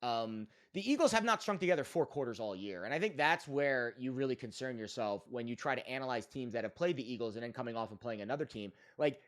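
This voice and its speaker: A man's voice: mid-range voice, lively intonation, fast, hardly any pauses, a bit bright. A man co-hosting a sports betting podcast, giving emphatic, opinionated analysis in a casual chat with frequent fillers.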